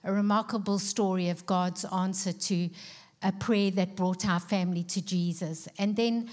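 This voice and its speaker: A middle-aged woman with a South African accent speaks to a church congregation. She tells a personal story earnestly and fills her pauses with soft ums. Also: mid-range voice, steady tone. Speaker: guest speaker and author. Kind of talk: personal testimony in a church service.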